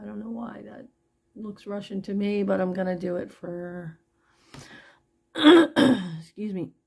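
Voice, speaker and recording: A woman's voice: on the low side, mellow. A woman chatting casually as she shows and prices jewelry pieces one by one, talking to her viewers. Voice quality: gravelly, husky. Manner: chatty, pricing each piece aloud as she goes. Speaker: online jewelry seller. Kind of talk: casual live sales chat.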